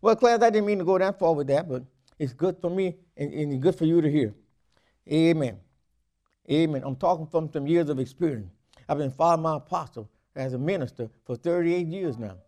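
A middle-aged man, a minister teaching a class, preaching in a repetitive call-and-response way with frequent amens and stammered restarts. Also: a little fast. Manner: swings between loud emphatic bursts and low quiet asides. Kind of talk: sermon-style teaching.

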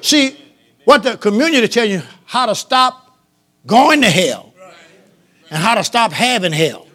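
A man preaching a lively call-and-response sermon to a congregation, shouting some lines and dropping others to a low murmur. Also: unhurried. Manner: sings out phrases, shouts and drops to low murmurs, laughs with the congregation. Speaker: pastor.

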